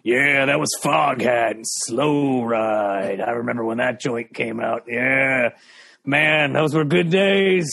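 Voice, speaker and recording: A man voicing a laid-back older classic rock radio DJ, slow and drawling. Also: mid-range voice, steady tone, gravelly, pushed and bright, heavily acted. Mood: mellow.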